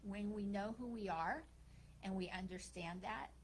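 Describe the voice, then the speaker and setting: A woman minister giving a sermon, telling a story and acting out its characters' lines in a lively way. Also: mid-range voice, unhurried, slight background noise, low-quality recording.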